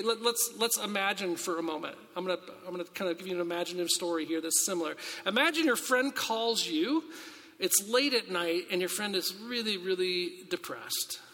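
A man preaching a sermon after reading scripture, talking earnestly and conversationally with many rhetorical questions and quick restarts. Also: high-pitched, sharp tone. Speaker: pastor. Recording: long hall reverb.

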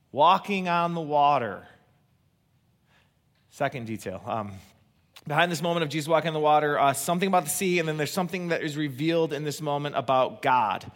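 Male preacher, high-pitched, animated delivery, slow emphatic scripture reading, swings from near-shouts to hushed lines. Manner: drops to a soft, low near-whisper for emphasis; reads scripture aloud in a slow, emphatic cadence. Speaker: pastor. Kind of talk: sermon.

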